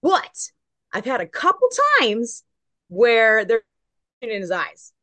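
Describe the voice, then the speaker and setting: A woman's voice: fairly high pitch, very animated, slow pace, pushed and bright, dry recording. A woman from Long Beach, California, a guest correspondent who tells a story in casual chat and acts out each quote.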